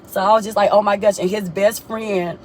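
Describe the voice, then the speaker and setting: A young woman tells a personal story in a casual vlog, talking straight to her viewers. Her voice sits mid-range, and it leaps up in pitch when she gets excited. Repeats herself often, with faint background noise. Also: brisk. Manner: animated, expressive, often jumps high in pitch when excited. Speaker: vlogger.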